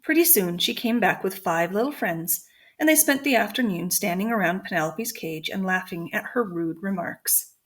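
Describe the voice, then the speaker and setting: A woman teacher reading a children's chapter book aloud to her students, clear and expressive. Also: mid-range voice, moderate pace. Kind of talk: storybook read-aloud.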